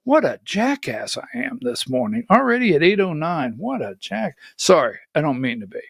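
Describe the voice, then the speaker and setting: A man hosts a political livestream, his slightly high voice very animated at a normal speed, carrying vocal fry and a breathy edge. He talks bluntly and skeptically, wandering into rambling asides, in a dry, studio-quality recording.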